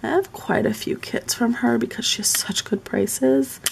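Gravelly woman chatting while she crafts. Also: fairly high pitch, moderate pace, slight background noise. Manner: chatty, muttering asides to herself. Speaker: planner decorating vlogger. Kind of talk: casual live-stream chat while crafting. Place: at home.

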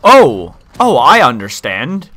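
A young man giving excitable gameplay commentary from home, yelping and switching into mock-formal sarcasm. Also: medium pitch, takes it slowly. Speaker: gaming YouTuber.

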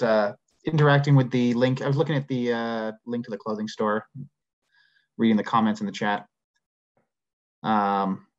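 Man, co-host, relaxed rambling advice, filler words, dull lo-fi call audio. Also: medium pitch. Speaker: marketing agency co-host. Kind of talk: casual advice on a livestream. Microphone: video call.

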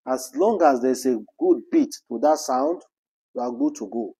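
A man with a Nigerian accent offers casual commentary on celebrity news in a warm, slightly rough voice of medium pitch and moderate pace. He speaks passionately, repeats rhetorical questions, and slips into Pidgin.

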